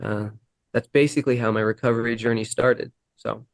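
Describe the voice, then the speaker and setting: A man candidly recounting his recovery story in an interview, earnest and halting, acting out the dialogue he quotes. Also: mid-range voice, steady tone, vocal fry, no echo.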